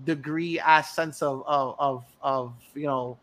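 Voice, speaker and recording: Brief: chatty man, high bright voice, animated, curses freely, laughs a lot. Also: takes it slowly. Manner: animated, profane, laughs often. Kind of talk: casual chat.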